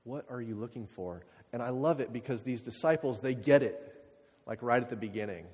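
A man preaching a sermon, talking casually with lots of fillers and sometimes dropping to quiet, reflective passages. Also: mid-range voice, fairly quick, breathy edge. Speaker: pastor. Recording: hall reverb.

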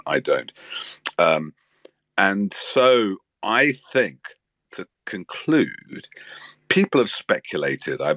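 A man with a very deep yet forceful, bright-edged voice, talking about politics with earnest energy. He often stops mid-phrase and restarts. The recording is close and dry. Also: dry recording. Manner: earnest and animated, with frequent restarts. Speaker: political commentator. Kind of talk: spoken talk with stops and restarts.

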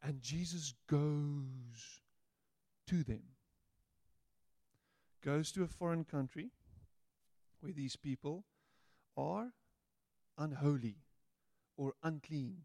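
A male pastor delivering a sermon at an unhurried pace. His voice sits a bit higher than most men's and is recorded dry and close. He keeps it playful, acting out quoted lines in little voices. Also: mellow, no echo.

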